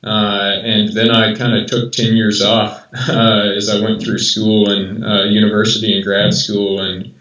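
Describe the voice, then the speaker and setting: An American man in his thirties, a guest in a casual interview, talking haltingly with many restarts. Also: fairly low pitch, flat delivery, fairly bright tone, reverberant, far from the mic, muffled recording. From rural southern United States.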